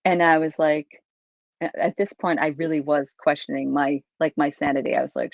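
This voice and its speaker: Woman, livestream host, low pitch, dry muffled mic, animated rambling stories. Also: a little fast, creaky, no echo. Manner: rambling, animated, lots of restarts and acted-out quotes. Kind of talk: casual storytelling to a live chat.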